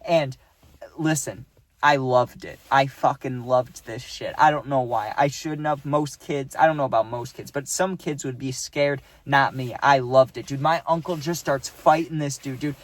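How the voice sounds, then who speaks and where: A young man casually telling a storytime, rambling and dropping "right?" and "dude" as he goes, acting out quotes in animated voices. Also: medium pitch, moderate pace, no echo.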